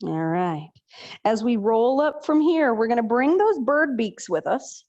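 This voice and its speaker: A woman's voice: a little high, big pitch swings, measured pace, a little mellow, muffled recording. A woman teaching a chair yoga class over a video call, giving breathing and posture cues with chatty, joking asides. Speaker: yoga instructor.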